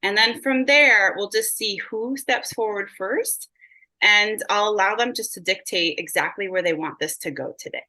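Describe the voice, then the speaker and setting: A woman's voice: mid-range voice, normal speed, pushed and bright, poor audio. A woman working as a psychic medium in a reading session, bubbly and gushing, full of filler words.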